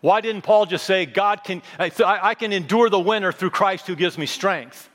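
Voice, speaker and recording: A pastor in his fifties preaches with a high-pitched voice that rings out in a reverberant sanctuary. He drives points home with repeated phrases and wry, joking asides. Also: normal speed. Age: 50s. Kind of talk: sermon.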